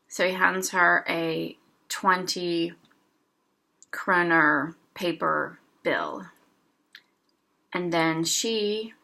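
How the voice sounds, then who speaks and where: A woman teaching a language lesson, reading short dialogues aloud slowly and explaining each phrase, with a sore throat she keeps clearing. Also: on the low side, pushed and bright.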